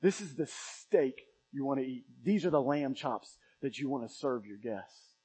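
A man preaching a sermon as pastor, impassioned, swinging between loud emphatic runs and quiet low asides. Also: animated, normal speed, in a large hall, low-quality recording. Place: church sanctuary.

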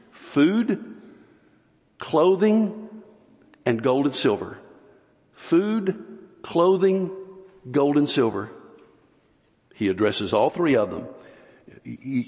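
A male pastor preaching a sermon, slow and emphatic, with long pauses between phrases. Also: fairly high pitch, husky. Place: church sanctuary. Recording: dull, lo-fi recording with long hall reverb.

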